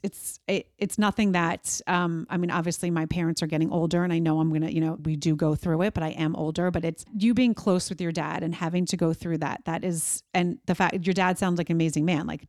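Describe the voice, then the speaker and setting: A woman's voice: on the low side, darkish tone, no room sound, clean studio sound. Heartfelt rambling woman host. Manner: rambling, many restarts, heartfelt. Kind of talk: casual interview chat.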